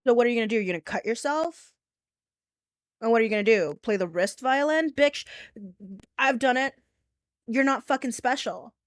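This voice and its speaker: A woman's voice: a little high, expressive, moderate pace, long pauses, no echo, studio quality. A young woman streaming, chatting casually and ranting bluntly with lots of swearing and giggles. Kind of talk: casual live-stream commentary.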